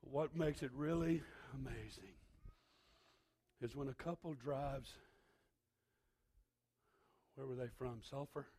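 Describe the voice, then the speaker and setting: A male pastor preaching a sermon, emphatic, swinging from shouted lines to hushed asides. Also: mid-range voice, slow pace, pauses often, breathy edge.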